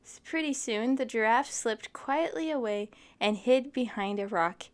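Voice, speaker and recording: A woman's voice: a little high, measured pace. A young woman reading a children's book aloud, chatting with her listeners between pages. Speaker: storytime reader.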